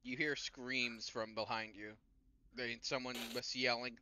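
Bright-voiced man game master, lo-fi mic. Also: mid-range voice, little pitch movement, unhurried, smooth. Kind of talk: narrating a tabletop game. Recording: dull lo-fi mic.

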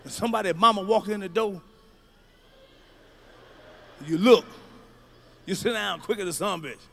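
A middle-aged male stand-up comedian doing a profane routine, swinging from low mutters to loud shouts. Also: moderate pace, creaky.

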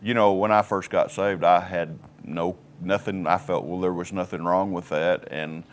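A man sharing his personal faith testimony on a Christian TV program, plainspoken and halting. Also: deep voice, steady tone, slight background noise. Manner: plainspoken, halting, many fillers. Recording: local cable TV studio.

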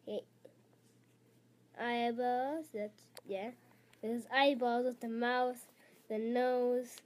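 Woman, high voice, slow halting reaction commentary, giggly fillers. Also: flat delivery, a little mellow. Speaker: reaction video maker. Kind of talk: casual rambling commentary.

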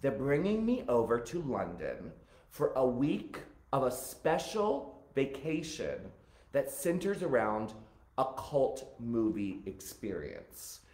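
A man hosting a live stream, answering viewer questions and telling stories in a campy, animated way. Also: medium pitch, takes it slowly, echoey room. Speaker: host.

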